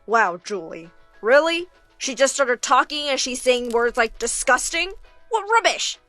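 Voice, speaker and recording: A woman's voice: high-pitched, very animated, a little slow, sharp tone, no room sound, faint music behind. Sarcastic woman commentator. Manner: sarcastic, incredulous. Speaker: commentator reacting to the story.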